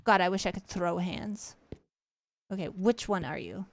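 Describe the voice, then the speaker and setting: A woman streaming a video game live, reacting with frustration, swearing and shouting in bursts. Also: on the low side, moderate pace, no echo. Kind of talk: live gaming stream commentary.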